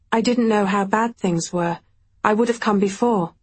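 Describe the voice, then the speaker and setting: A woman narrating an audiobook in the first person, quiet, measured and reflective. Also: mid-range voice, slightly rough.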